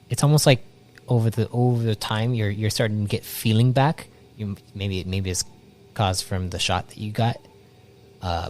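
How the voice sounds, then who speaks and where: A man narrating as game master, halting with many restarts and fillers, laughing often. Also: sits low.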